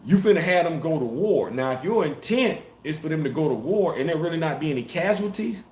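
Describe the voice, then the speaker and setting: A man hosting a casual commentary show, talking in an animated, emphatic way with features. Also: a little high, brisk. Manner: animated, emphatic, rising to loud peaks. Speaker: host. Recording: roomy echo.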